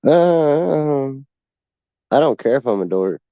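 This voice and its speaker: A man's voice: mid-range voice, fairly quick, no room sound. A man, chatting casually on a livestream with crude, laid-back humor. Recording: dull dry lo-fi mic.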